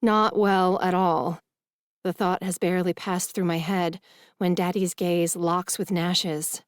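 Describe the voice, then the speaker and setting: A woman narrating a first-person romance audiobook in an expressive, emotional reading. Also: on the low side, slow, no echo, studio quality.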